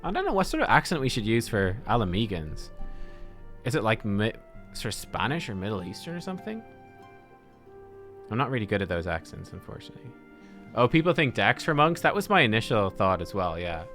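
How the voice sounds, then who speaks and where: A man's voice: fairly low pitch, big pitch swings, fairly quick, fairly bright tone, soft background music. A man giving casual let's-play commentary, rambling and self-deprecating as he thinks aloud. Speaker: gaming video creator.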